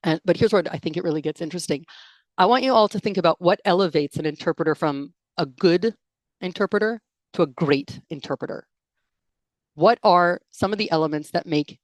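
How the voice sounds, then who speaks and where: A young woman with a low voice runs a lively online session over a computer mic, chatting and joking with her audience. Her sound is dry and close. She reacts to the chat as she goes. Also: no room sound. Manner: chatty and playful, laughs and reacts to chat comments. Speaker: interpreting trainer giving an online talk. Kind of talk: live webinar presentation with audience chat. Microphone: computer mic on a video call.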